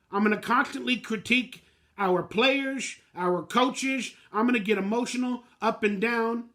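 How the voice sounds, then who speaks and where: A man with a high-pitched voice and a bright, sharp edge rants through a postgame reaction on his fan channel. He talks bluntly and emotionally in plain, slangy words.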